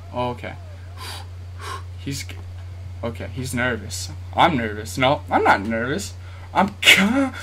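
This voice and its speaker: An excitable man commentates his own basketball video game, his somewhat high voice leaping up and down in lively swings. He talks directly to his viewers, lurching from sudden yelps to nervous muttering under his breath. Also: slightly rough. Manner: talks straight to viewers, asks for likes. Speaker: YouTube gamer.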